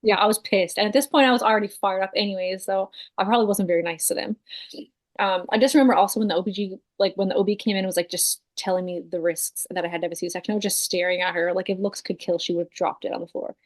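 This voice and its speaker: A woman in her thirties, a podcast guest, telling a personal story in a casual, animated way, full of fillers and the odd swear word. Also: medium pitch, quick pace. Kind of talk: casual chat.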